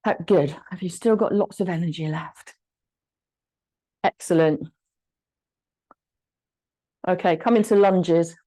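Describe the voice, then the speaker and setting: A woman instructor guiding a gentle exercise class, giving encouraging cues and short counted commands. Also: fairly low pitch, slow, pauses often, rough recording. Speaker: fitness instructor.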